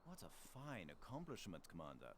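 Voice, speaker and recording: A man's voice: deep voice, huge pitch swings, normal speed, crowd noise, full character voice. An actor playing an indignant, sarcastic male archaeologist in an adventure game. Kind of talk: 1990s adventure game voice acting.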